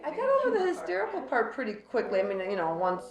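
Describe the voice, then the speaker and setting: A woman's voice: on the high side, quick pace, reverberant, music in the background, rough recording. A woman casually telling a personal story to friends, laughing often and acting out what people said. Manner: animated, laughs often, acts out quotes.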